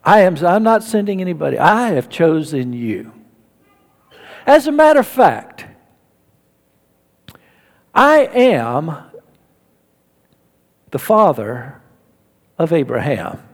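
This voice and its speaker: A solemn, hushed male voice of God speaking from a burning bush, as a preacher acts it out. It comes slow and low, softer than the lively sermon around it, and rings with the long reverb of a large hall. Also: exaggerated voice.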